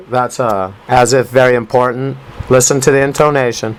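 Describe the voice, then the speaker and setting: A man's voice: mid-range voice, brisk, a little hiss or hum, poor audio. A man hosting a talk radio show, commenting on a news clip in an emphatic, rambling way with rhyming asides. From United States.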